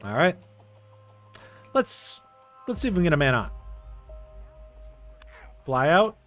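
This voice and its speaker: A young man narrating his baseball video game play by play, quickly getting frustrated at the game. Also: on the high side, big pitch swings, a bit bright, soft background music. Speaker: gaming YouTuber. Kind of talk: casual video game commentary.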